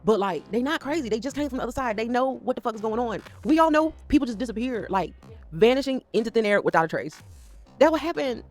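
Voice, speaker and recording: A woman's voice: fairly high pitch, animated, quick pace, faint music behind. A woman talking casually to camera as a vlogger, rambling and swearing as she jumps between topics.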